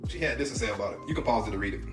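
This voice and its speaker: Fast, blunt man in echoey room. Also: mid-range voice, animated. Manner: emphatic, blunt, rising to loud stress. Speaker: commentator on news clips. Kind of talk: casual commentary. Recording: distant, echoey room with music.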